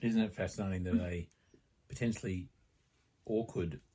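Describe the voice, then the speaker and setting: A man's voice: low voice, steady tone, normal speed, warm tone, a little hiss or hum. A man hosting a podcast interview, chiming in with short affirmations and a reflective question. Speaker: podcast host. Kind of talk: conversational interview.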